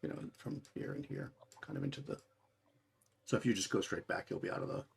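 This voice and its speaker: A man's voice: medium pitch, lively intonation, quick pace, vocal fry, husky. A man narrating as game master of a tabletop game, talking in a rambling way with many restarts.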